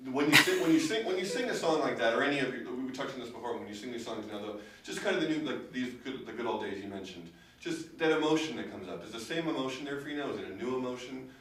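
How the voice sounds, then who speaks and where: A male host asks long, rambling questions in quick bursts and keeps restarting his phrasing. He sounds far from the mic, in a strongly echoing room. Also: medium pitch, lively intonation, fairly bright tone. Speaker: interviewer, host. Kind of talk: interview questions.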